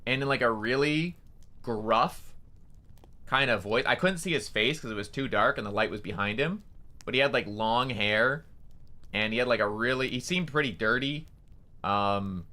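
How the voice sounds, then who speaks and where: A man's voice: on the low side, bright, forceful tone. A young man, a streamer, telling a story casually, rambling with lots of fillers and swearing.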